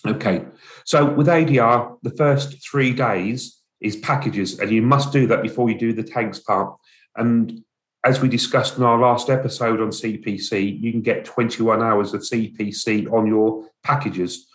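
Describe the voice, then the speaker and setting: A man co-hosting a podcast, speaking in a relaxed, plain-spoken way as he moves the talk on to the next topic. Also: on the low side, a little slow. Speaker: podcast co-host, driver agency office manager. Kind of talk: casual chat.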